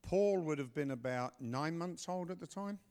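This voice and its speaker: A middle-aged man telling a story and giving announcements at a church service, animated, with loud bursts. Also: fairly high pitch, moderate pace. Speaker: pastor.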